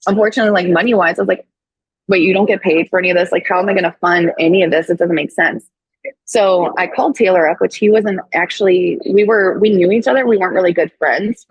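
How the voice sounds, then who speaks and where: Husky-voiced woman telling a lively story. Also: lowish voice, fast, dry recording, lo-fi sound. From Missouri. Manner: animated, acts out quoted voices, frequent "like". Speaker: podcast guest, chiropractor. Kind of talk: casual storytelling in an interview.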